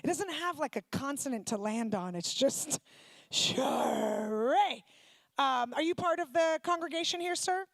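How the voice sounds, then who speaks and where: Sarcastic high-voiced woman comic. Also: lively intonation, moderate pace, hardly any pauses, no echo. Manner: sarcastic, brash, profane. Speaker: stand-up comedian. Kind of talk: stand-up with crowd work. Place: synagogue comedy night stage.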